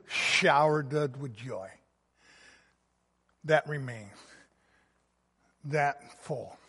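A man preaching a sermon, reading scripture and stressing words with rising passion, swinging between soft and loud. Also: fairly high pitch. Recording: long reverb of a hall.

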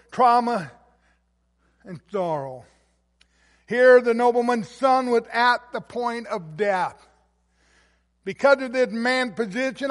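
High-voiced preaching man in an echoing hall. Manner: earnest preaching with fillers and restarts, varying loudness. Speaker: pastor. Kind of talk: sermon. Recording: long echo of a large hall.

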